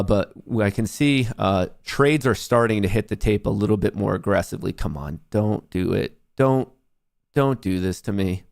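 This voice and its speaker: A man hosting a live trading stream, excitable and profane, cheering his trades on, boasting, then plainly explaining a sponsor's service. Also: lowish voice, creaky. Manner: brash and boastful. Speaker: livestream host, day trader.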